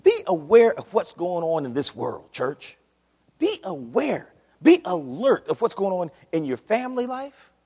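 A pastor preaching a sermon in a church, animated with call-and-response. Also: male voice, high-pitched, a little slow, breathy edge. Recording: long hall reverb.

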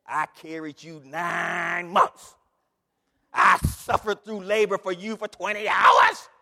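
A man's voice: high voice, lively intonation, slow, gravelly, sharp tone, big-room sound, pitched above the performer's own voice, exaggerated voice. A preacher voicing a pleading mother. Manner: guilt-laden, pleading. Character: pleading mother calling to her grown son.

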